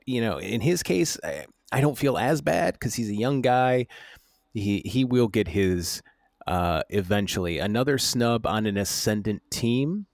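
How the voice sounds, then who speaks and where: Low-voiced man co-hosting a baseball podcast. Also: no echo, studio quality. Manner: stumbling restarts, reads stats quickly. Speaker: podcast co-host. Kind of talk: casual sports chat.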